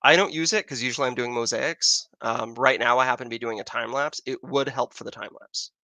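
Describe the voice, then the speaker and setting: A man's voice: medium pitch, steady tone, brisk, sharp tone, dry recording. An American man hosting a casual astronomy livestream, rambling as he answers viewer questions. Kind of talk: casual live-stream chat. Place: outdoors in Arizona with a telescope.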